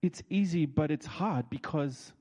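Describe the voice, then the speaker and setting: A man preaching a sermon, telling stories and acting out what people said, with his voice leaping high when excited. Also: a little slow. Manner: animated, leaps high when excited, acts out quotes. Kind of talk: sermon with storytelling.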